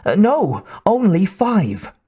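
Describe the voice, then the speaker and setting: A man voicing a nervous young male scientist who pleads in a high, breathless voice. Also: wildly swooping pitch, slow, warm tone, slightly rough, heavily acted. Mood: pleading.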